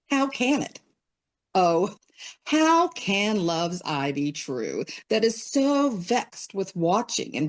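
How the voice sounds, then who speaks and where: A woman from North Carolina reads a sonnet with dramatic, emotive delivery. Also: lowish voice. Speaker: sonnet reader. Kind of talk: dramatic poetry reading.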